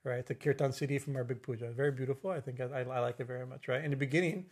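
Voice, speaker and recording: A middle-aged man giving an informal religious talk as a spiritual teacher, halting, with many fillers and restarts, often asking "right?". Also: mid-range voice, steady tone, a little mellow, slightly rough.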